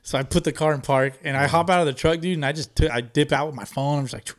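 A man's voice: on the high side, fast. A man co-hosting a podcast, telling a story in casual chat, swearing a lot and laughing as he goes. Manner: profane, animated storytelling with lots of laughing. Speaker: podcast co-host.

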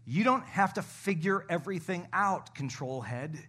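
A middle-aged man preaches from the pulpit of a church. His voice is bright and sits a little high. He keeps swelling into emphatic calls to the congregation. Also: lively intonation, normal speed, breathy edge. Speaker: pastor. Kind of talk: sermon.

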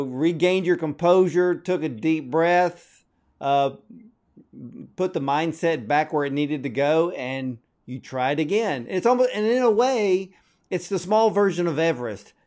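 A man's voice: on the high side, slow, a little mellow. Emphatic motivational male host. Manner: emphatic, preacher-like address to the audience. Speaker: podcast host. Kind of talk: motivational podcast interview.

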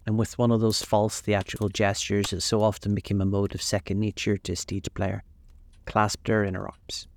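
A man narrates a classic novel in a calm, measured bedtime reading. His voice sits low with a gravelly edge. The close microphone leaves the sound dry, with no room around it. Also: no room sound.

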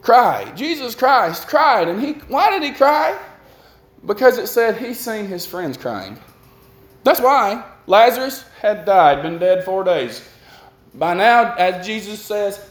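A man's voice: high voice, big pitch swings, measured pace, roomy sound. A man preaching a conversational sermon and putting questions to his listeners.

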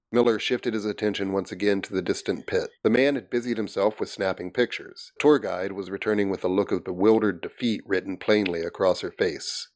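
A man's voice: fairly low pitch, steady tone, a little fast, few pauses. A man reading a horror novel aloud on a comedy podcast, breaking off to joke with friends. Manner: reads steadily, breaks off to laugh and comment. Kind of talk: reading aloud and casual banter.

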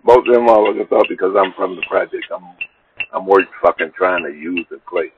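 Low-voiced man telling a rambling, profane story. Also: moderate pace. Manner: rambling, profane, animated retelling with quoted dialogue. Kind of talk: casual storytelling. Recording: dull lo-fi recording with faint noise.

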